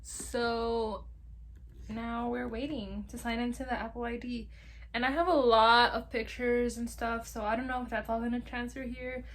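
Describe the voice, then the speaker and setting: A woman's voice: a little high, little pitch movement, moderate pace. A young woman vlogger unboxing on camera, giddy and giggly, with casual swearing. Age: young adult. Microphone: camera filming hands, face off screen.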